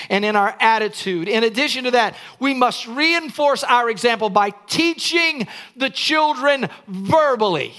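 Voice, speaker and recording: High, bright-voiced older man preaching. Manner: emphatic preaching, rising to shouts. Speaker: pastor. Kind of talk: sermon.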